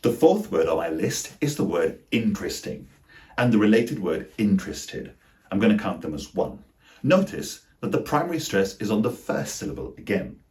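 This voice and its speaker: A man teaching English pronunciation in a scripted lesson, slowly and deliberately sounding out each example word. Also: lowish voice, big pitch swings, a little mellow. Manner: slow, deliberate, over-articulated example words.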